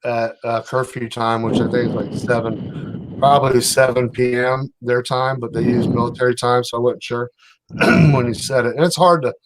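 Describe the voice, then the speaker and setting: Male livestream host, mid-pitched, rambling and hesitant, casual talk. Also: steady tone, moderate pace, noisy background. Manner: rambling, hesitant, full of fillers.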